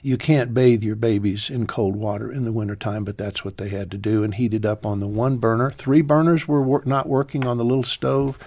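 A man in his sixties speaks as an interview guest, his voice husky and a little breathy. He tells his story slowly and with feeling, sinking low and soft at the hardest parts. The sound is dry and close. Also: steady tone, no echo. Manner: slow, heartfelt storytelling, voice dropping low and soft at painful moments. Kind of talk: personal testimony in an interview.

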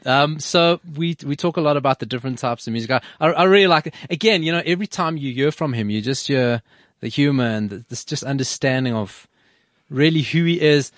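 A man hosts a relaxed radio chat, rambling along with fillers and restarts. His voice sits at an ordinary pitch. The recording is dry and close. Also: fairly quick, dry recording. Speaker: radio host.

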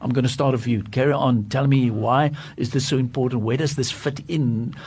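Husky-voiced male talk host. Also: mid-range voice, fairly even intonation, darkish tone. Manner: eager questioning, quick to praise guests. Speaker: program host. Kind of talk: hosted Christian leadership discussion.

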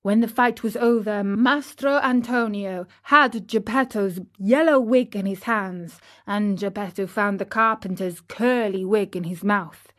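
A woman narrating a children's storybook in a measured, expressive way. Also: mid-range voice.

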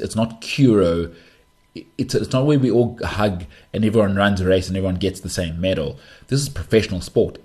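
A man's voice: fairly low pitch, a little mellow. A man with a South African accent hosting his own show, giving an emphatic, slangy football opinion monologue. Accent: South African English. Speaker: show host. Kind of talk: opinionated sports commentary monologue.

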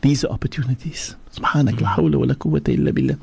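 A man's voice: lively intonation, very fast, gravelly, a little mellow, breathy edge, dry recording. A man from Africa, a sheikh giving a religious teaching on a radio talk show in an emphatic preaching manner. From South Africa. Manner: preaching, emphatic, swings from low to high. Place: radio studio.

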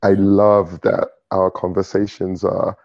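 Low gravelly British man with Nigerian lilt. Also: takes it slowly, dry recording, highs cut off. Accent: British English with Nigerian touches. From London, England. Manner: relaxed, chatty, laughs often. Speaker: guest. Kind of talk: casual conversation.

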